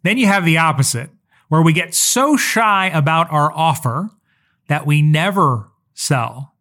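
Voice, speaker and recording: A social media coach with a fairly high voice teaches through a solo podcast episode, earnest and conversational, dropping in personal asides. He's expressive and a little slow, with a pushed, bright sound.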